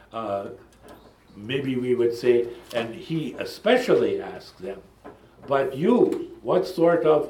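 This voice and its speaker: A man leads a Bible study in a lecture style, at a mid-range pitch. He muses along, stops for frequent ums and wanders into asides. His voice rings back from a roomy, echoey space. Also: darkish tone, slight background noise.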